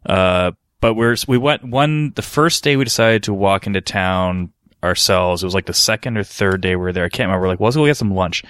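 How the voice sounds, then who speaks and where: A man's voice: low voice, a little fast, a bit bright, clean tone, dry recording. A man from Canada, a podcast co-host, telling a rambling story in casual chat, swearing freely.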